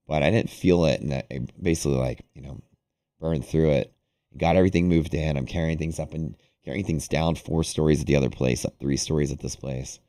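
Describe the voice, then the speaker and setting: A young man hosting a livestream, casually telling a long story to his audience, rambling and animated with lots of "like". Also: very deep voice. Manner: rambling, animated, heavy use of "like". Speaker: day-trading livestream host.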